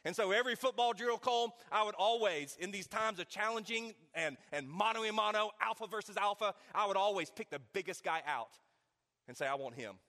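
A man preaches from the pulpit with a high, bright, forward voice. He tells his story warmly and then drops to an intimate near-whisper to land each point, and his words carry a long reverb from a large hall. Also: fairly quick. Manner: storytelling, drops to a quiet intimate hush for emphasis. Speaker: pastor. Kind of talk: sermon.

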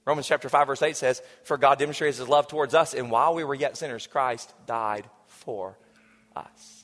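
A pastor in his forties preaching a sermon, moving between raised passages and hushed, whispered lines. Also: medium pitch, normal speed. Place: church sanctuary. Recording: church hall reverb with soft music.

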